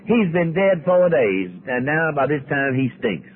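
An older man voicing a weary, sarcastic woman from scripture in a slow, low, grudging tone. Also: big pitch swings. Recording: tinny lo-fi archive tape with faint hiss.

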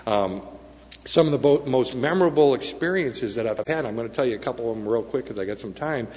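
A man's voice: medium pitch, lively intonation, fairly quick, a little mellow. A man sharing a personal story at a recovery meeting, earnest and peppered with "okay?" and "right?". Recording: dull sound with long hall echo.

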